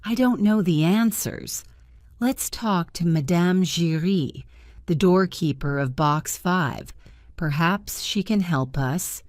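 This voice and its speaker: A worn-out theatre director, a middle-aged man trying to calm his partner, as a woman reads him in a storybook. His words come slowly in a dry, close recording. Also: lowish voice, no room sound. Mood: tired. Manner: tired, placating.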